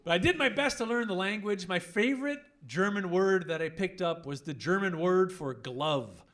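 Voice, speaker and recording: A man in his forties from French-speaking Canada doing a stand-up set on stage, animated and switching into loud voices for punchlines. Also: high-pitched, normal speed. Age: 40s. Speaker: stand-up comedian. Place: comedy club stage with audience.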